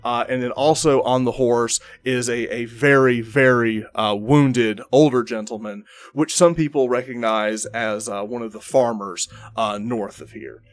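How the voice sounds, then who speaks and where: Male game master, mid-pitched, loose rambling narration full of fillers. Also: steady tone, unhurried, few pauses. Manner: rambling, many fillers and restarts.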